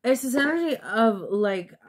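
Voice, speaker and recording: A woman's voice: a little high, expressive, moderate pace, noisy background. A woman giving a casual tarot reading to her viewers, blunt and sometimes profane, thinking aloud and restarting her sentences. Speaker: tarot reader.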